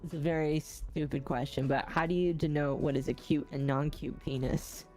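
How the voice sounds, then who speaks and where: A woman's voice: sits low, fairly even intonation, normal speed, darkish tone, faint music behind. A woman hosting a game stream, chatting casually and teasing her guests with frequent giggles. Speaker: streamer host. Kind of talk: casual chat while gaming.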